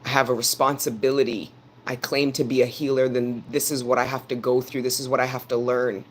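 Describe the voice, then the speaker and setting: A man of middle pitch leads a tarot reading, lecturing his viewers in a firm, earnest tone. His delivery stays fairly monotone and keeps circling back to the same phrases for weight. A faint hum sits under his voice. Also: fairly quick. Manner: earnest, preaching directly to his audience; repeats phrases for emphasis. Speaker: tarot reader.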